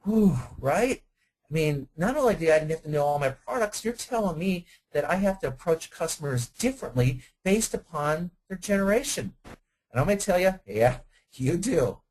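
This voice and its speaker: A man's voice: on the high side, normal speed, rough recording. A man giving a webinar to car sales staff, talking conversationally and firing off rhetorical questions. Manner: energetic, conversational, asks many rhetorical questions. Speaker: dealership sales trainer. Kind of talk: webinar presentation.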